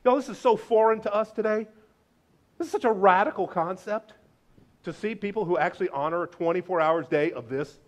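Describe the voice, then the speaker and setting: A male pastor giving a lively, joking sermon, swinging between loud declarations and hushed asides. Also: high voice, brisk. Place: church sanctuary.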